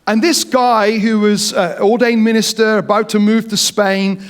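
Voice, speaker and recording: A man preaching a sermon, telling a story in an animated, jokey way. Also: sits high, unhurried. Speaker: pastor.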